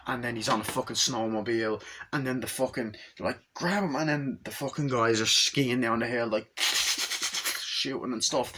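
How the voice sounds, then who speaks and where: A man's voice: mid-range voice, steady tone, moderate pace, noisy background. A young man reviewing a movie in casual, rambling chat, swearing freely and acting out quotes from the scenes.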